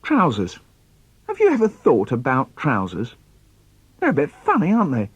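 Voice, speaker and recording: A man's voice: mid-range voice, normal speed, slightly rough, no room sound, dull audio. Playful man reciting poems. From London. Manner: playful, expressive, swooping delivery. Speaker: children's poet. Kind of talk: storytelling poem recitation for children.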